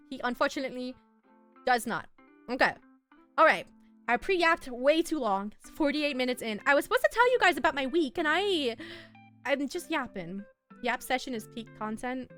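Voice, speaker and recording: A young woman streams from home, chatting casually with live viewers in a giggly, bubbly way, teasing the chat and laughing often. Her voice is fairly high and fairly bright.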